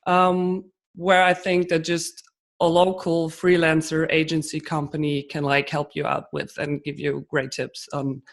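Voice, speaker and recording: A woman's voice: deep voice, little pitch movement, a little slow. This is a woman, giving podcast interview answers as a guest expert. She talks through her ideas with concrete examples and drops in fillers like "um" as she goes. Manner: explains with examples, frequent fillers.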